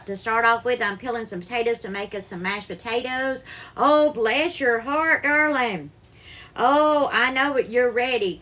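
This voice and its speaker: Woman, live-stream cooking host, high-pitched, bright voice, calls viewers darling, greets them by name, home kitchen, phone mic.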